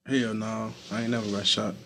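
A man's voice: fairly low pitch, level tone, moderate pace, sharp tone, a little hiss or hum. Laid-back man, casual interview. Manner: laid-back, loose, with many fillers like "you feel me". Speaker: interview guest. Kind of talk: casual street interview talk.

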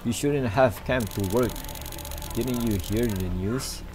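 A man voicing a gloating male serial killer in a horror game, with calm threats. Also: mid-range voice, a little slow, noisy background, lightly acted. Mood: menacing. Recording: game music behind.

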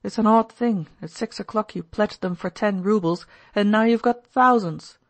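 An uneasy, reproachful young man who presses his friend with worried questions, as a woman narrator reads him. The voice sits a little higher than her narration, and the recording is close and dry. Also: moderate pace, no room sound, natural voice.

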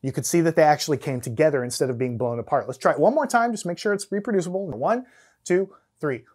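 A man's voice: fairly high pitch, animated, fast, a little mellow. A man teaching physics, explaining hands-on demonstrations step by step and counting down before each one. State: out of breath at times from blowing. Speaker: science teacher.

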